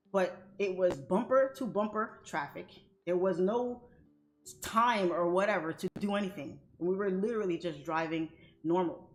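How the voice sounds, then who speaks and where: A woman hosting a livestream, telling a story to her viewers in a blunt, animated way and swearing freely. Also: fairly low pitch. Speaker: livestream trading host.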